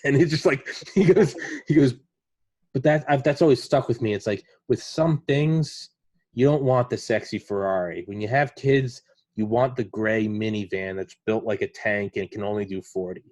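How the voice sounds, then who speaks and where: A man's voice: lowish voice, moderate pace, a little mellow, dry recording. A man hosting a podcast, talking casually and rambling, swearing often and retelling stories in quoted voices. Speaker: podcast host.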